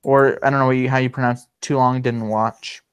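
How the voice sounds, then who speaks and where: A man chatting casually on a livestream as the host, his voice smooth and resonant. He rambles along, full of ums and restarts, at an ordinary middle pitch. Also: little pitch movement, fairly quick. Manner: rambling, many fillers and restarts.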